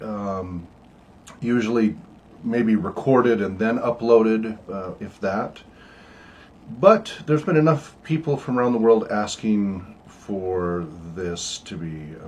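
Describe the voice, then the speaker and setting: An older man with a very deep voice hosts an online meeting in a casual, halting way, full of ums and uhs. His breathing is wheezy and he coughs now and then. A faint hum of the room sits behind him. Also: a little mellow, highs cut off. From United States. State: wheezy, coughing from asthma and smoke. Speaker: research project director hosting an online meeting. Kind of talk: casual informative talk.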